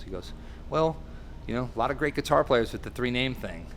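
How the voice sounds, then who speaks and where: Male guest musician, animated storyteller who voices the people he quotes, faint hiss. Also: medium pitch, a little fast. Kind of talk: casual storytelling interview.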